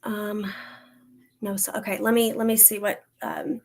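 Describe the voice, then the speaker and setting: A woman working as a psychic medium, doing a livestream reading and Q&A, talking in a soft, reassuring way with frequent pauses, fillers and restarts. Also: medium pitch, level tone. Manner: hesitant, halting, many fillers and restarts.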